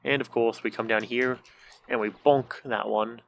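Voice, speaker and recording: A man's voice: medium pitch, steady tone, measured pace, vocal fry, a little hiss or hum. A young man streaming a video game from a room at home, casual let's-play commentary, joking, swearing and making silly sound effects.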